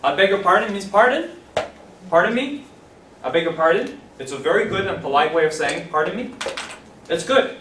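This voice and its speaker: A man teaching an English class, animated, repeating phrases slowly and clearly for his students. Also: on the high side, slight background noise. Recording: roomy classroom from a distance.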